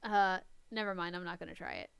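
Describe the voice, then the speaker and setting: A woman with a smooth, clear voice reads a story aloud. She is casual and giggly and drops chatty remarks between passages. The sound is dry and close, with little room echo. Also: on the low side, fairly even intonation, quick pace, a bit bright. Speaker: reader and co-host.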